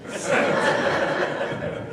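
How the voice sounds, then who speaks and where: A man's voice: extremely slow, background noise. A man from Milwaukee performing a stand-up comedy set, joking and stammering through restarts as he laughs at his own jokes. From Milwaukee, Wisconsin. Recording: distant mic in an echoey room with a crowd. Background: audience laughing.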